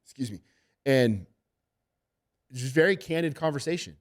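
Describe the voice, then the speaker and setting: An MMA head coach, a middle-aged man with a medium-pitched voice, tells stories at a moderate pace in a casual podcast interview. His storytelling is animated and full of heavy profanity.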